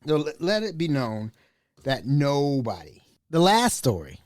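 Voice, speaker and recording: Animated man telling stories. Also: a little high, measured pace, dry recording. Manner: animated, colloquial, laughing asides. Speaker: chef, storyteller. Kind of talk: casual anecdotal storytelling.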